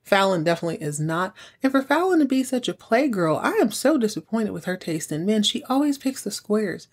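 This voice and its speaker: A woman's voice: medium pitch, sing-song, fairly quick. A woman hosting a podcast, casually recapping a soap opera episode and acting out characters' lines in playful voices. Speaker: podcast host.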